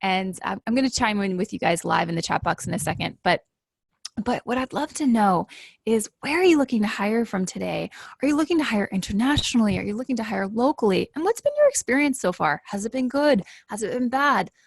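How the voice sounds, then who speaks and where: Woman, webinar host, hyped and upbeat, slightly gravelly voice, dry close sound; addresses viewers directly. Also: medium pitch, big pitch swings, fairly quick, dry recording. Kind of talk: live webinar sales pitch.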